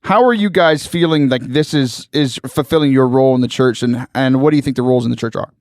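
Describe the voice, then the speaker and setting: A man's voice: mid-range voice, fast, a little mellow, no room sound, studio quality. A man hosting a casual podcast interview, friendly and joking with his guests. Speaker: podcast host.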